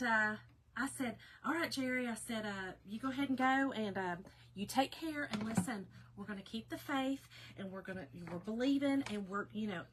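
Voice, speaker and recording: Bright chatty woman. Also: fairly high pitch, low-quality recording. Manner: chatty and emotional, addressing viewers as y'all. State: tearful at times. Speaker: craft seller and storyteller. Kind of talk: casual chat to viewers.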